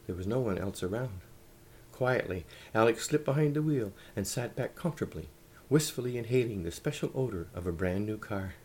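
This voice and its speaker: A man reading a humorous story aloud in a wry, lively way. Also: on the low side, a little fast, slight background noise.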